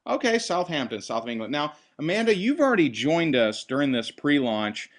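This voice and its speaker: A man hosting a sales presentation on a call, talking in an upbeat, enthusiastic pitching manner. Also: sing-song, fairly quick. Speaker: host.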